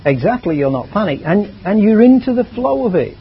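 A man's voice: sits high, big pitch swings, brisk, breathy edge. A man preaching a sermon in a chatty, conversational way, drifting into asides. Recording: dull lo-fi recording.

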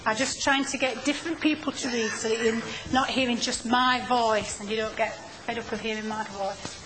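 A woman's voice: a little high, steady tone, noisy background. A woman teaching a Bible study class, patiently explaining and calling on people to read. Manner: slow, patient, explaining and prompting readers.

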